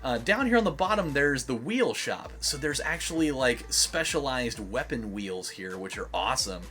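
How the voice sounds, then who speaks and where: A man's voice: medium pitch, animated, normal speed, a bit bright, faint music behind. A young man giving casual gameplay commentary as a let's play host, rambling with lots of fillers and swearing.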